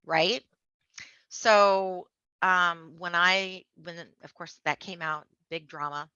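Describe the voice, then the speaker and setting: Bright-voiced woman telling her story. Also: lowish voice, slow, clean tone, dry recording. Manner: animated, acts out other people's voices. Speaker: podcast guest, memoir author. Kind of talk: casual storytelling interview. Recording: dull lo-fi dry sound.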